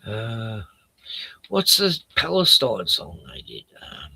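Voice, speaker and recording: A man's voice: fairly low pitch, wildly swooping pitch, slow pace, creaky, sharp tone, husky, no room sound. An Australian man chatting casually and rambling while he searches online, trailing off mid-sentence and swearing now and then.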